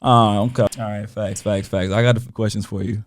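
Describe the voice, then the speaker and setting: A man's voice: fairly low pitch, steady tone, fairly quick. A young man hosting a call-in podcast, talking in a laid-back, slangy, teasing way. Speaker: podcast host. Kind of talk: casual call-in chat.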